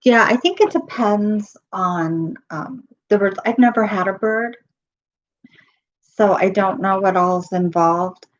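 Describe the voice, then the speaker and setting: Woman, middle-aged, losing her voice, slow, halting, casual live-stream chat. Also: mid-range voice, highs cut off. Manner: halting, with many pauses and ums.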